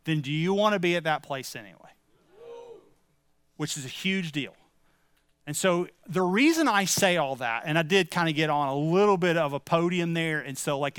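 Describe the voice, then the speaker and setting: A man's voice: a little high, fairly bright tone, clean tone, no room sound, studio quality. A middle-aged male pastor giving a sermon in a conversational way, asking the congregation questions and turning stern and emphatic. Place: church sanctuary.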